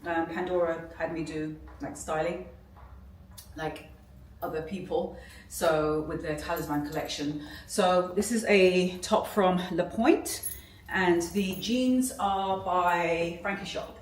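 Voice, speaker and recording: A woman's voice: fairly low pitch, slow. A young British woman chatting to camera in a gushing, chatty fashion vlog, full of fillers. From Britain. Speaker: fashion vlogger. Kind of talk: casual vlog chat to camera. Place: indoors and in a car. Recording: echoey, from a distance, faint noise.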